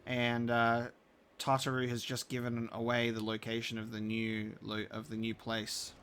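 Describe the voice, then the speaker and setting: A man's voice: medium pitch, monotone, normal speed, fairly bright tone, slight background noise. A man with a blend of Australian and British accent, chatting casually while live-streaming a game and reacting to chat. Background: faint game music.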